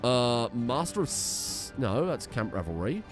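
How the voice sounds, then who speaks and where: A young man talks through his gameplay in a casual, excitable way, thinking aloud and swearing now and then. His pitch jumps around a lot as he speaks. Faint music plays quietly underneath. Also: measured pace. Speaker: let's play host.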